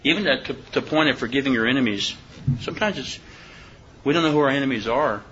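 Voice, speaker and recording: A preacher leads an informal Bible study in a bright, clear, medium-pitched male voice. He reads scripture slowly and deliberately, then breaks off to ask his listeners questions in a conversational way. The recording sounds dull and lo-fi, with faint hiss underneath.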